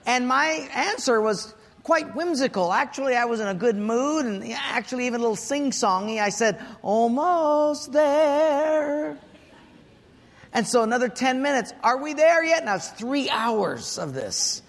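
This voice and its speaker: A man preaching a sermon as pastor, telling stories in an animated, humorous way. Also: extremely high pitch, moderate pace, hardly any pauses, long reverb tail.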